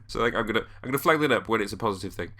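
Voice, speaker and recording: Low bright-toned guy hosting a podcast, rambly and thinking out loud. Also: lively intonation, racing. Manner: thoughtful, rambling with restarts. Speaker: podcast host. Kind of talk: podcast commentary.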